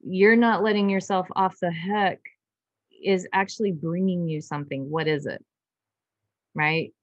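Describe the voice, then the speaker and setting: A woman's voice: fairly low pitch, steady tone, a little slow, no echo, dull audio. A woman guest on an interview podcast, telling a personal story in an earnest, emotional way, often restarting her sentences. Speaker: guest doctor.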